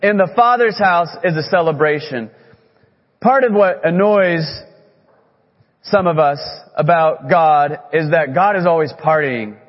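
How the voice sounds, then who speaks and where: A man preaching a sermon as a pastor, earnest, leaning on key words with slow, emphatic phrasing. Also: on the high side. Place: church sanctuary. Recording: echoey hall, muffled sound.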